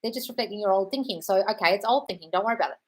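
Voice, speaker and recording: A British woman hosts a live stream, reading viewer comments out loud and replying bluntly, often calling people darling. Her medium-pitched voice is slightly rough and she talks at a racing pace.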